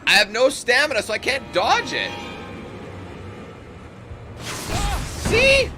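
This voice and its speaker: A man's voice: very high voice, very animated, fairly quick. A man giving casual, profane, sarcastic commentary while playing a video game. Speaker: gaming commentator. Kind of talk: casual let's-play commentary. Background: game music and sounds.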